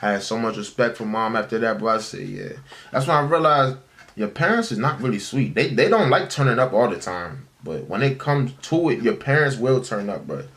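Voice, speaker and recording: A man's voice: medium pitch, very animated, brisk, fairly bright tone. A young man in his twenties telling casual stories to the camera in a laid-back, slangy way. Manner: laid-back, slangy, addresses listener as bruh. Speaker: storyteller. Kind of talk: casual storytelling vlog.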